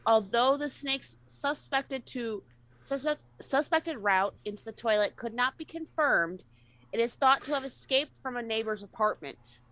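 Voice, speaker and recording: A woman's voice: on the high side, unhurried, a bit bright, low-quality recording. A woman reading odd news stories aloud on a casual show, stumbling and correcting herself as she goes. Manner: reads with stumbles and self-corrections.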